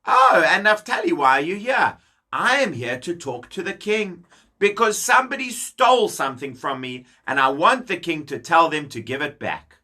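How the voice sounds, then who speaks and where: A man's voice: a little high, big pitch swings, moderate pace, bright, forceful tone, exaggerated voice. A man voicing an aggrieved ordinary man in a children's story, earnest and plaintive.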